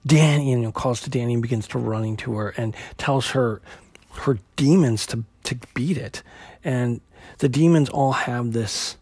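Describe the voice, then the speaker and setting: Man, podcast host, comic recap, conversational, restarts often, mid pitch, dry close sound. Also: moderate pace, a little mellow, husky, no echo. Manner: conversational, with many fillers and restarts.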